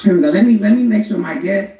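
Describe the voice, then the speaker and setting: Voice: mid-range voice, fast talker, warm tone, reverberant, far from the mic, rough recording. A co-host in a casual chat, animatedly recounting events and commenting on them.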